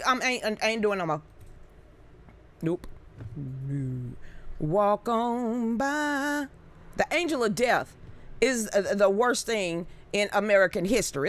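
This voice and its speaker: A woman's voice: a little high, fairly bright tone, no room sound. A woman hosting a live stream, chatting loosely and joking while reading comments and articles. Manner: loose and joking, quick asides, Southern-leaning slang. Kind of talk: casual chat reading comments.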